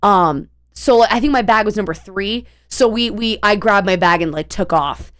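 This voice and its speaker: A woman's voice: medium pitch, moderate pace, a bit bright. A young woman streamer telling a long story in a casual, rambling way, full of fillers and restarts.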